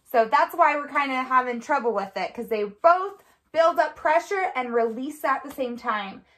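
A woman with a somewhat high voice walks through a speech therapy demonstration. She gives patient, clear step-by-step prompts and praises often. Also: lively intonation, normal speed, fairly bright tone. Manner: encouraging with frequent praise. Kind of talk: instructional demonstration.

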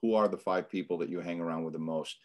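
Deep-voiced Boston-accented middle-aged man. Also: fairly even intonation, fast, a little mellow. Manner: earnest and motivational, with frequent restarts. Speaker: financial coach guest. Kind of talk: casual podcast interview.

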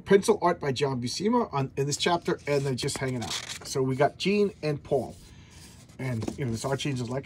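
Brief: laid-back male collector flipping through a back issue, mid-pitched, loose and rambling, faint hiss behind. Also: animated, fairly quick, a little mellow. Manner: rambling, many restarts and fillers. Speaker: comic book collector vlogger. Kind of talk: casual comic review chat.

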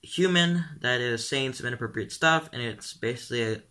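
A teenage boy chatting casually on his vlog, rambling along with lots of ums and likes. His voice sits at a middle pitch and sounds very bright. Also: a little fast. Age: teens. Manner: rambling, full of "um" and "like". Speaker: vlogger.

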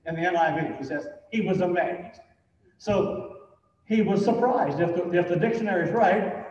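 In a church sanctuary, a pastor with a high-pitched, darkish voice delivers a sermon. He talks conversationally with lots of "you know"s and works up to emphatic points, heard from a distance in a dull, echoey hall.

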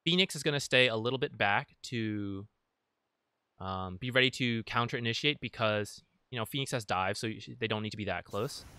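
A man's voice: on the low side, brisk, sharp tone, smooth, dry recording, clean studio sound. A man talking casually through recorded matches as a guide creator, explaining team fights with frequent fillers. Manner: conversational, many fillers. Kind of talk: casual gameplay analysis.

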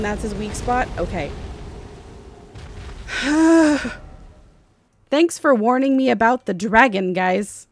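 A young woman commenting on her own gameplay, chatting casually and breaking into panicked shrieks and laughter when things go wrong. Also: high-pitched. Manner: excitable, shrieks and panics during fights. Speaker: gaming streamer. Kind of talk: let's play commentary.

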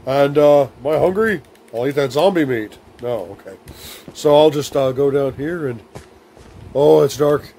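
A man's voice: medium pitch, measured pace, mellow, slight background noise. A young man hosting a silly comedic game playthrough, babbling in baby talk and rhyming nonsense words as he plays. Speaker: gaming video host. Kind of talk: silly comedic let's-play commentary.

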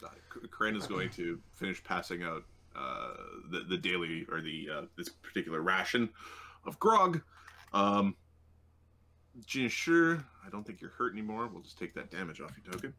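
A man running a tabletop role-playing game as game master, casual and quick to laugh. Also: low-pitched, lively intonation, pushed and bright, a little hiss or hum.

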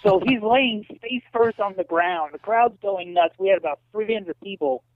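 An interview guest who once kickboxed and promoted wrestling recounts stories at a normal pace, the dry recording sounding tinny, like a phone, with no room sound. He animates quoted people by leaping up and down in pitch.

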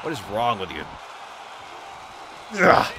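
Male gaming YouTuber, animated pitch, foul-mouthed trash talk, noisy background. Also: moderate pace. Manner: profane trash-talking, excited outbursts. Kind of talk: comedic gameplay commentary.

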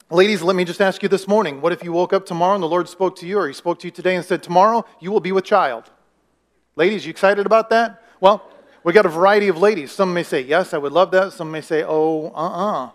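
A man preaching a sermon as pastor, talking conversationally, asking the congregation questions and acting out the voices of people in the story. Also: high voice. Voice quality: acts out quoted voices in the story.

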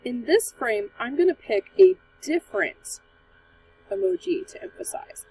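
Woman teacher, high and animated, patient step-by-step explainer for children. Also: unhurried, distant mic, slight background noise, low-quality recording. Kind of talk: screen-recorded tutorial for children.

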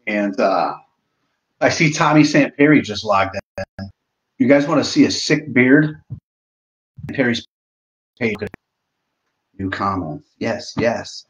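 A man's voice: medium pitch, highs cut off. A young man hosting a casual live stream, joking and swearing a lot while eating. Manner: joking, profane, self-mocking. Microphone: laptop mic.

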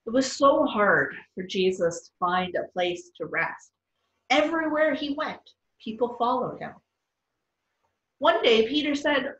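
A gentle, friendly woman reads a children's Bible story aloud, her voice a little high. She sounds far from the mic, roomy and somewhat dull. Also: animated, unhurried.

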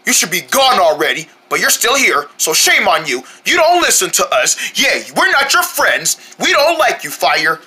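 A woman's voice: medium pitch, big pitch swings, normal speed, few pauses, sharp tone, breathy edge. A woman performing playful skits and mock ads, switching between silly character voices.

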